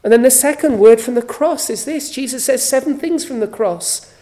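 A woman preaching a sermon at a church service, slow and emphatic, with repeated phrases for weight. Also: high-pitched, mellow.

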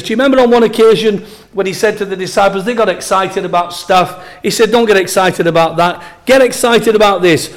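A man's voice: sits high, poor audio. A man preaching a sermon, earnest and emphatic, repeating key phrases for weight.

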